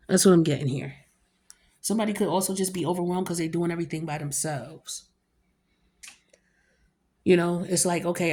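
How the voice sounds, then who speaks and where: A fairly low-pitched woman giving a tarot reading straight to her camera. She talks in a loose, chatty way, full of slang and freely dropped curses, as if confiding in friends. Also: a little mellow. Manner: chatty and blunt, loose slang and frequent cursing. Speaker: tarot card reader.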